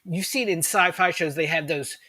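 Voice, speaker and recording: A man's voice: on the high side, moderate pace, pushed and bright, no room sound. A man co-hosting a podcast, chatting with enthusiasm, rambling with lots of fillers and restarts. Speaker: podcast co-host. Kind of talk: casual chat.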